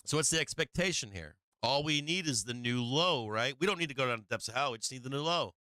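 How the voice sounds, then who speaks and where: Bright, crisp man streaming market commentary. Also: mid-range voice, animated, fast talker, no room sound. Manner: profane, chatty, laughing while watching charts. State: strained, tiring voice. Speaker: livestream trading host.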